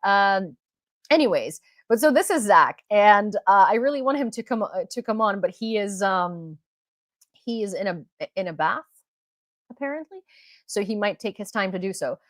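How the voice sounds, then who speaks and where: A young woman from Ukraine hosting a live-streamed news chat, excitable and rambling, with many restarts. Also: mid-range voice, moderate pace, no echo. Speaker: host and independent reporter. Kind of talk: livestream commentary chat.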